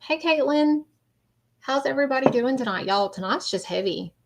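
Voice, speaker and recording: A woman's voice: high-pitched, expressive, vocal fry, background noise. Emotional woman livestreaming. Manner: halting, rambling, greets viewers often. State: emotional, near tears. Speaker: livestream host. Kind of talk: casual livestream chat.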